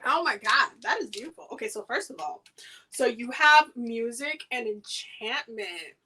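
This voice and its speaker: High, bright-voiced woman doing chatty card readings. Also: animated, normal speed, breathy edge, poor audio. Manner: chatty and loose, slangy, many fillers and repeats. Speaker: oracle card reader hosting a live reading. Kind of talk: casual livestream chat during card pulls.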